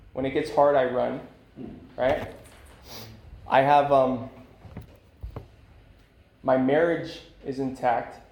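Speaking in a meeting room's echo with faint ambience behind him, a man in his thirties rambles through a candid account of his recovery, full of fillers. His medium-pitched voice is creaky and a little mellow.

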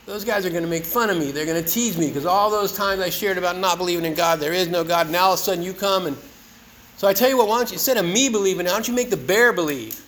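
A man's voice: high voice, fast talker, fairly bright tone, slight background noise. A man voicing a nervous hiker in a joke, bargaining and pleading with God.

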